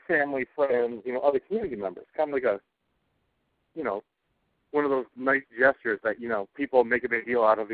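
A podcast co-host with a mid-range voice rants about television during a casual talk show chat, swearing heavily and sounding cranky. The audio is dry and tinny, like a phone, with no echo.

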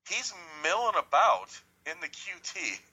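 A man's voice: high voice, sing-song, measured pace, sharp tone, breathy edge, lo-fi sound. A man telling a rambling, profane, jokey story in casual chat.

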